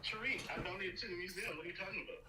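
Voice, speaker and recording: Male caller, Los Angeles accent, quick and stammering, heard distantly. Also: high voice, bright, forceful tone. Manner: hesitant, stammering. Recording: distant call-in audio.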